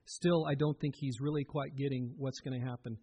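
A man's voice: medium pitch, fairly even intonation, brisk, mellow, slightly rough. A man giving a sermon as a pastor, earnest and conversational, often turning to the listeners with direct questions.

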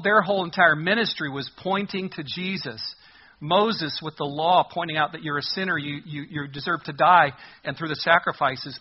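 A man's voice: fairly high pitch, breathy edge, highs cut off. A man preaching a sermon in a conversational, humorous way, reading scripture aloud. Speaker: pastor.

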